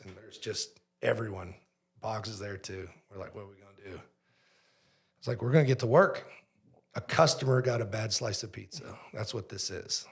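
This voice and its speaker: Gravelly-voiced man telling a story. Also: lowish voice. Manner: animated storyteller who acts out dialogue. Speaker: pizzeria owner, podcast guest. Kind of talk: casual podcast storytelling.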